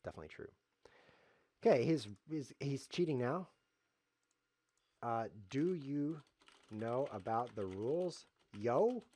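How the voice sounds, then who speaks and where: Lively, playful man streaming chess. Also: mid-range voice, unhurried, pauses often, no echo. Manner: jokey, self-mocking, playful tangents. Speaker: streamer playing and commenting on chess. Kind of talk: casual live-stream commentary.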